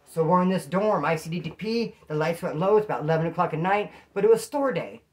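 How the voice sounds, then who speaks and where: A man from California telling prison stories in casual slang, animated and acting out what people said. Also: high voice, fast talker. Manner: streetwise slang, animated, acts out quotes. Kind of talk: casual storytelling to camera.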